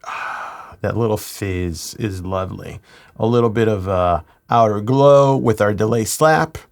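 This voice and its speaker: A man working as a mix engineer, walking through a studio mixing tutorial in a relaxed, explanatory way. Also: fairly low pitch, unhurried. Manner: relaxed, explanatory, chuckles now and then.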